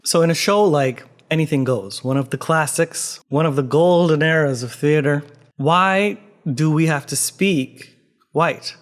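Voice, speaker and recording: A man from Canada with a somewhat high voice talks earnestly to the camera. He reflects as he goes and often stops to pose rhetorical questions. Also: unhurried. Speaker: theatre actor and video host. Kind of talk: reflective vlog commentary.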